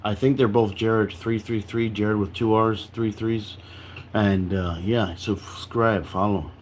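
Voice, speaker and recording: A tired young man with a lowish voice talks slowly and fairly evenly through a casual livestream chat. He rambles, piling up "like" and restarting sentences, while a faint room hum sits behind him.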